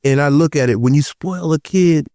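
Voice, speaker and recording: A man on a podcast panel telling personal stories in casual chat, animated and acting out the voices of the people he quotes. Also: a little high, moderate pace, no echo, studio quality. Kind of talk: casual roundtable chat, storytelling.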